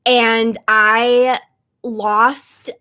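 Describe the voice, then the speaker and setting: A young woman chats on a livestream in a slightly high voice, filling her sentences with "like" and "um". She sounds close to tears as she talks. She addresses her viewers directly, in a loose, personal way. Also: flat delivery, extremely slow, pushed and bright. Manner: chatty, lots of "like" and "um". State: tearful, on the verge of crying. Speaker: livestream host, tarot reader. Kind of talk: casual livestream chat.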